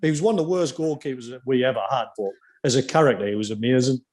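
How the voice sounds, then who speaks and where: A man hosting a podcast, telling lively casual stories about former teammates with quoted asides. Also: mid-range voice, quick pace. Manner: animated anecdotes with quoted asides. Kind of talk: casual storytelling chat.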